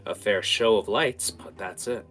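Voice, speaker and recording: A man voicing a calm, guarded fortune-teller woman, speaking softly and slowly. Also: fairly low pitch.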